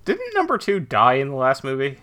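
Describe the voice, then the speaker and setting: Lively, bright-voiced man chatting about movies. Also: mid-range voice, fairly quick. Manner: laughs often, lively and joking. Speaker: podcast co-host. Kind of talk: casual movie discussion.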